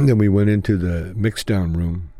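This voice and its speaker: An older man spinning a relaxed, rambling story as a comedian guest, his voice sitting low. He drifts along with easy pauses and slips into the voices of the people in his tale. The sound is close and dry. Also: creaky, no room sound.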